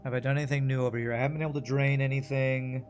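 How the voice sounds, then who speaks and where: A man's voice: medium pitch, flat delivery, rapid-fire, faint music behind. A man streaming a puzzle game, muttering and thinking aloud to himself and his chat. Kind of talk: casual gameplay commentary.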